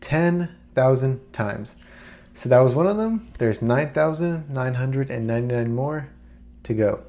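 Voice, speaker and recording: A man talking casually to camera as a YouTuber, rambling and relaxed with plenty of fillers. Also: medium pitch, measured pace. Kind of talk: casual screen-recorded talk.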